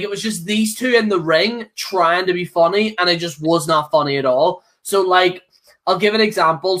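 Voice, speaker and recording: A young man with a bright, forward voice retells a story at length. He co-hosts a podcast in casual chat, swearing freely and laughing between his rambling lines. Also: high voice. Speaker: podcast co-host. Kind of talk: casual chat, ranting about wrestling.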